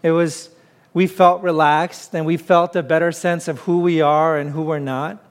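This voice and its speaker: A man's voice: fairly high pitch, little pitch movement, normal speed. Conversational man preaching a sermon. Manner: conversational preaching with frequent "uh" fillers. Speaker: pastor.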